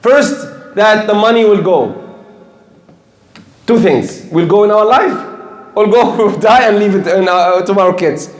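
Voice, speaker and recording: Older male preacher, high-pitched, emphatic and repetitive, roomy echo. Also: measured pace. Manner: earnest, repetitive, emphatic, with slips. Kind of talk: sermon. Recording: echoey room.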